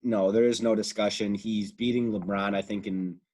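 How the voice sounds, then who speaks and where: Young male podcast co-host, lowish voice, excitable, profane, rambling banter. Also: normal speed. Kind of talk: casual sports podcast chat.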